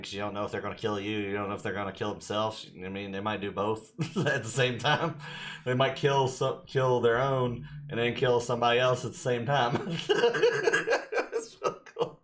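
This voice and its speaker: Excited man reacting, laughing often. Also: fairly low pitch. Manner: laughs often, excited, says bro and dude. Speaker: reaction video host. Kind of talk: casual reaction commentary.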